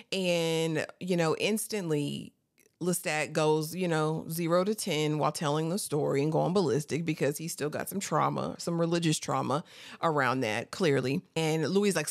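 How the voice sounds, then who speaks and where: A woman giving a chatty, animated TV episode recap, laughing often and calling the listener honey. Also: low voice, moderate pace, gravelly, no room sound, clean studio sound. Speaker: TV recap host.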